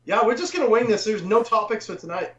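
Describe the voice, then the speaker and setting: Man bantering on a dull lo-fi podcast. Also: high voice. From Boston area. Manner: joking, swears freely, quick to laugh. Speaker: podcast co-host. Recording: dull lo-fi sound.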